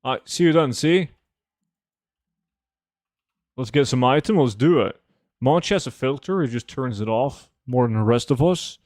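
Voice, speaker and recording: Young dude streaming games, chatting w chat, cursing n rambling, dry close sound, unhurried. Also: male voice, mid-range voice, dry recording. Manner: loose, profane, rambling with many fillers. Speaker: game streamer. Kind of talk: casual livestream chat, reading chat messages.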